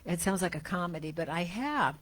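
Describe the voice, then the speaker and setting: Older female minister, lowish voice, conversational sermon and measured prayer reading. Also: animated. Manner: chatty storytelling, then slow deliberate reading. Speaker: guest minister.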